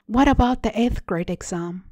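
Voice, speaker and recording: A woman hosting a storytelling show, reading a translated short story aloud in a measured, deliberate way. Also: fairly high pitch, a little mellow, no echo. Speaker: story reader. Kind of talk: literary reading.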